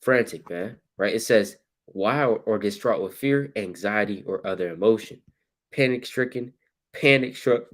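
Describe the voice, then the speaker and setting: Male teacher with a low voice, slangy and animated, leads scripture talk. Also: a little slow. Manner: animated, acts out scenes with sudden loud shouts; casual street slang.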